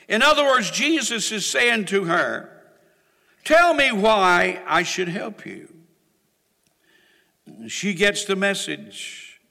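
A man preaching with a high, bright and gravelly voice that leaps all over its range, from hushed asides to ringing shouts. He takes his time, drawing out the words. The sound carries a long hall reverb, as in a church sanctuary. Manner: dramatic preaching that swings from quiet asides to shouted exhortations. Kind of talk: sermon.

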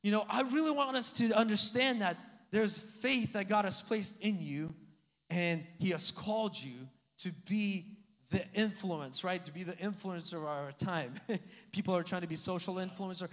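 Male pastor, high-pitched, chatty animated preaching, hall reverb. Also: moderate pace. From Slavic family background. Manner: animated, conversational preaching with asides and laughs. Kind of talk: sermon.

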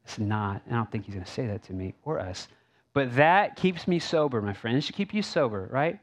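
A man's voice: medium pitch, lively intonation, a little fast. A male pastor preaching a sermon in a conversational way, with asides and rhetorical questions.

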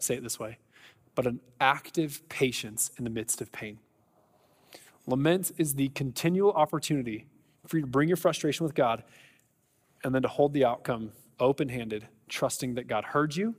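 A man's voice: medium pitch, husky, big-room sound. A man preaching a sermon in a conversational, earnest way, with an American accent and frequent fillers and restarts. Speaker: pastor.

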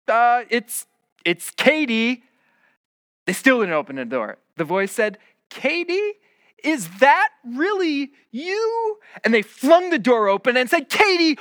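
A man with a bright, lively tone and a fairly high voice delivers a church sermon in an easygoing, storytelling way. The sound is close and dry, with no room echo. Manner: casual storytelling with fillers and restarts. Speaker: pastor. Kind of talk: conversational sermon.

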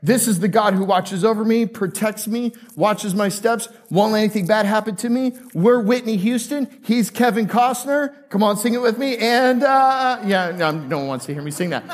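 A male pastor preaching a conversational sermon to a live congregation, joking and asking them questions. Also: high-pitched.

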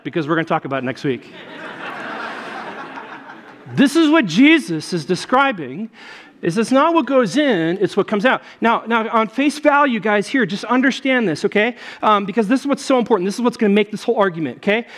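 A man preaching at a church service, his voice sitting a little higher than most men's. He keeps it loose and joking, tossing in "okay?" and "right?" to check on the congregation. When he quotes someone, he acts out their voice. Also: normal speed. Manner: conversational and joking, with frequent "okay?" and "right?" asides; animated, acting out voices when he quotes people. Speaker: pastor. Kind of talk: sermon.

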